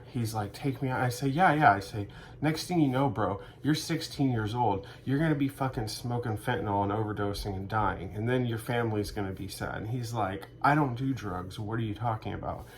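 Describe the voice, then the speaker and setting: Sarcastic, cursing man with a low voice. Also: brisk, a little hiss or hum. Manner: sarcastic, profane, acts out both sides of made-up dialogues. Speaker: vlogger. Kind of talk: rambling deadpan comedic monologue.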